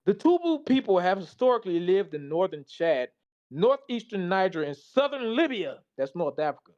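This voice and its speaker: A man's voice: high voice, sing-song, moderate pace, darkish tone, lo-fi sound. A tired man giving a casual, slangy presentation, reading slides aloud and reacting to them. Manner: loose, slangy, talks back to the slides.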